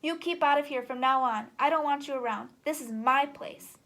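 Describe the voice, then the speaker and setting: A woman voicing a shrill, spiteful male rat who shrieks and boasts as she reads a children's storybook aloud. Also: moderate pace, a bit bright. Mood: scolding.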